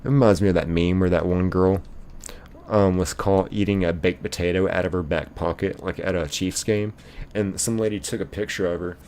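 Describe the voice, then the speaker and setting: A man's voice: low voice, fairly even intonation, normal speed, a little mellow, smooth. A young man, live-streaming a game and playfully reading viewer chat aloud, laughing often.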